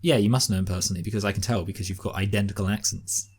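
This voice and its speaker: A man's voice: fairly low pitch, fairly even intonation, husky. A man co-hosting a casual film review chat, teasing his co-host and often restarting his sentences. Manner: fast, halting, teasing. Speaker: podcast co-host.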